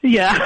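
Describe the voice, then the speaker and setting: A woman's voice: no echo, rough recording. Hesitant woman caller on a dry line. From Pennsylvania, US. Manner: hesitant and apologetic, many ums, giggly. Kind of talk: phone-in chat.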